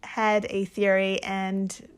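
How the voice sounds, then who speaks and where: A woman's voice: mid-range voice, monotone, slow pace, clear, resonant tone. A woman co-hosting a podcast in casual chat, wry and chatty, laughing often. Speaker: podcast co-host.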